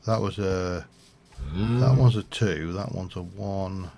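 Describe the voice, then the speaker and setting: A man's voice: low-pitched, slow pace, vocal fry, warm tone, a little hiss or hum. A man streaming a game, rambling and thinking aloud with lots of fillers as he plays. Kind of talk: casual gameplay commentary.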